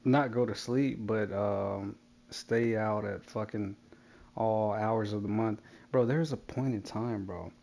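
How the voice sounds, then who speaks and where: A man chatting casually with a friend during a game, answering in short, relaxed bits and calling him "bro.". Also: on the low side, a little slow, gravelly. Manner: laid-back, short replies, calls friend "bro". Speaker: friend in a gaming chat. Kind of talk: casual chat over a game.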